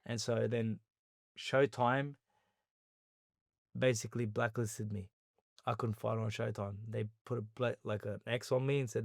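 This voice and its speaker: An Australian man, a guest on an interview podcast, telling a story in a lively conversational way and acting out what other people said. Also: medium pitch, normal speed, vocal fry, no echo, clean studio sound. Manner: animated retelling, acting out others' words in quotes.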